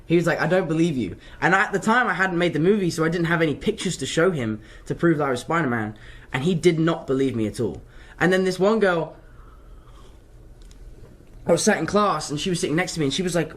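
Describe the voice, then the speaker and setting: A man's voice: on the high side, lively intonation, brisk. A young man with an English accent, from London, answering fan questions in a casual live Q&A and rambling off track as he chats. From London, England. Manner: rambling, chatty, wanders off track.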